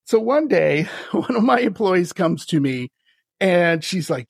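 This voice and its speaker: Male podcast host, gravelly voice, lively storyteller who acts out the people he quotes. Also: high voice, normal speed, no echo. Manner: animated, laughs often, acts out voices in his stories. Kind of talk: casual storytelling chat.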